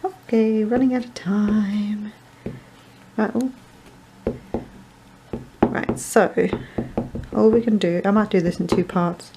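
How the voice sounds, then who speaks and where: Crafter woman, mellow and gravelly, rambling tutorial chat with muttered asides. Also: medium pitch, slow, long pauses, a little hiss or hum, low-quality recording. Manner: rambling, chatty, self-deprecating asides, muttering to herself. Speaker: card-making crafter.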